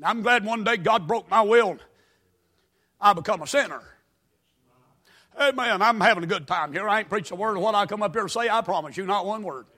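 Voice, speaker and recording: A man from North Carolina with a Southern accent, preaching a sermon in a folksy storytelling way that breaks into shouting. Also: high voice, a little fast, long pauses.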